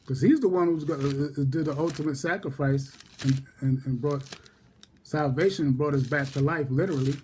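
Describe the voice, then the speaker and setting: A man teaching a casual Bible study, repeating each verse reference and reading scripture slowly and deliberately. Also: a little high, a little mellow, slight background noise.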